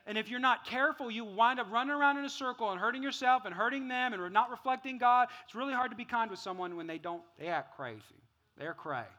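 A middle-aged man preaching a sermon as pastor. He is playful and laughs at his own jokes, and he swings between loud acted-out bits and quiet, earnest talk. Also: very high voice, fast talker.

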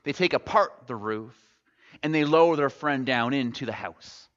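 A male pastor preaches a sermon, telling the story in a relaxed, conversational way with wry jokes, at normal speed and pausing often. His mid-pitched voice rings out with long reverb in an echoey church sanctuary, and the recording sounds dull and lo-fi.

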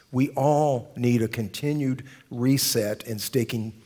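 A man preaching a sermon to a congregation, telling a story earnestly and slowing down to stress key phrases. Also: medium pitch, darkish tone, husky. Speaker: pastor. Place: church service.

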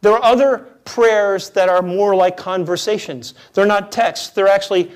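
A man with a high, light voice delivers a sermon as a pastor. He keeps it conversational and jokey. He drops to near-hushed lines and then lifts back to full, energetic volume. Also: normal speed. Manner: conversational, jokey, swings between hushed and loud.

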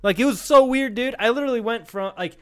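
A man's voice: very high voice, quick pace, clear, resonant tone. A young man co-hosting a comedy podcast, telling a rambling, profane story in casual chat. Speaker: podcast co-host.

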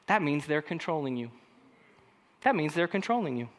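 A man's voice: a little high, moderate pace. A male pastor preaching a conversational sermon, acting out quoted lines and speaking directly to the congregation. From California. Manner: conversational, animated, acts out quoted voices.

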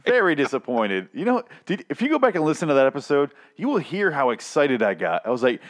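A man's voice: fairly high pitch, big pitch swings, fast talker, hardly any pauses. A man co-hosting a comedy podcast, ranting in casual banter with profanity and exasperation. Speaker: podcast co-host.

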